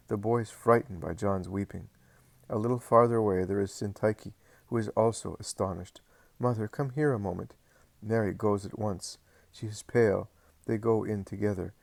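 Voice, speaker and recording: A man reading a religious story aloud in measured, earnest narration. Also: on the low side, fairly even intonation, creaky, no room sound. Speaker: audiobook reader. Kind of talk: scripted narration.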